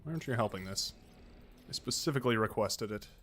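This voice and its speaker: A man's voice: lowish voice, lively intonation, quick pace, a bit bright, soft background music. A man streaming a strategy game, chatting casually and rambling into joking asides while he plays. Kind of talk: casual gameplay commentary.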